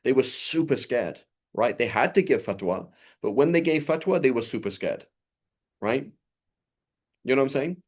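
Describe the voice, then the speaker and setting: A man's voice: medium pitch, animated, moderate pace. Conversational man teaching a religious lesson. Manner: conversational, often checks in with "right?"; recites Arabic passages fluently.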